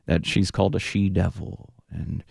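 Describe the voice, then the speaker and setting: A man's voice: sits low, little pitch movement, moderate pace, creaky, darkish tone, slightly rough, no echo. A man who is a Buddhist teacher and punk rock frontman, talking earnestly in a radio studio interview, often restarting and trailing off as he searches for words. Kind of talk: reflective radio interview conversation.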